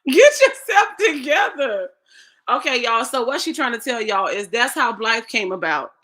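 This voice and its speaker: A woman's voice: fairly high pitch, normal speed, sharp tone. A woman, co-hosting a casual chat, teasing and laughing along. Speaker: co-host.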